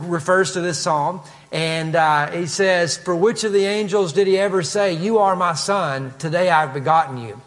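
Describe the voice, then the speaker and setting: Kentucky man, pastor, chatty sermon with asides, higher voice. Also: a bit bright, big-room sound. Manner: conversational, with asides and frequent "uh". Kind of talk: expository sermon.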